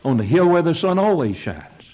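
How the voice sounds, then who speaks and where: An older male preacher with a husky, slightly high voice delivers a fiery, folksy sermon. His pitch swings widely as he climbs to shouted peaks. The recording sounds dull and lo-fi. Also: very animated, normal speed. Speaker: pastor.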